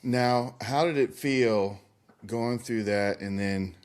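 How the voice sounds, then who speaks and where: A man's voice: medium pitch, a little mellow, clean tone. A man hosting a podcast interview, mostly giving short reactions and asking questions. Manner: brief reactions and slow questions. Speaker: podcast host. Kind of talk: casual interview.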